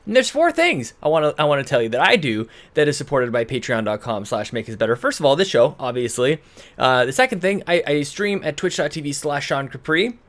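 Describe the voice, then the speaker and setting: A man's voice: a little high, very animated, fairly quick, fairly bright tone. A man hosting a podcast intro in a casual, rambling way, correcting himself as he goes and sounding a little out of breath. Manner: rambling, self-correcting, chatty. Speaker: podcast host. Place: home in British Columbia.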